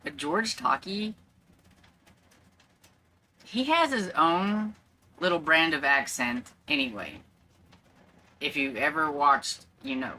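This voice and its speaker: A woman's voice: sits low, animated, slow pace, long pauses, pushed and bright. A woman book vlogger chatting casually at home, rambling a little with plenty of fillers. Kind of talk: casual chat.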